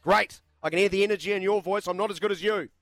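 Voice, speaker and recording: A man hosts a live sports talkback show, his voice sitting a little high. He chats and jokes loosely, filling gaps with uhs. The studio sound is close and dry. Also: fairly even intonation, fast talker, fairly bright tone, no room sound, faint music behind. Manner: chatty, jokey, frequent uh fillers. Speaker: radio sports show host. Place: radio studio. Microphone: studio microphone.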